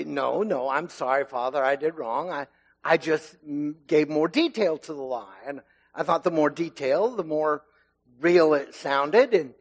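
Man, middle-aged, lay preacher, sermon, conversational storytelling, slightly high voice. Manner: conversational storytelling with fillers, growing emphatic. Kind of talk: sermon with personal story and scripture reading.

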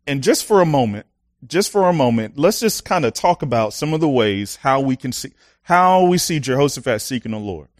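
A young man preaching a sermon, casual and animated, telling personal stories with lots of fillers and laughs. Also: mid-range voice, moderate pace, no echo, clean studio sound.

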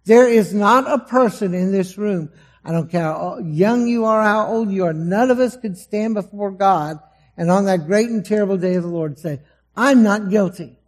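A man preaching a sermon to a congregation, dramatic, acting out the voices he quotes and swinging between loud emphasis and soft, low asides. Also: moderate pace. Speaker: pastor. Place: church hall before a congregation.

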